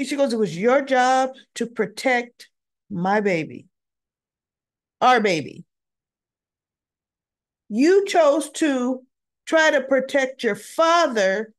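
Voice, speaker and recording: A woman's voice: high-pitched, expressive, slow pace. A woman recapping a daytime soap episode in a casual, chatty way, acting out bits of the dialogue as she retells the scenes. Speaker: soap opera reviewer.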